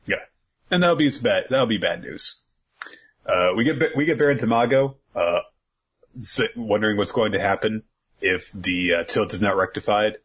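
A man's voice: lowish voice, normal speed, a bit bright, slightly rough, low-quality recording. A man co-hosting a podcast, casually recapping an episode in a rambling way, with lots of fillers and freely dropped swear words. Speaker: podcast co-host.

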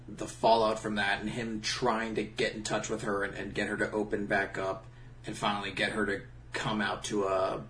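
A man in relaxed, joking casual chat, talking through a story with a co-host. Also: on the low side.

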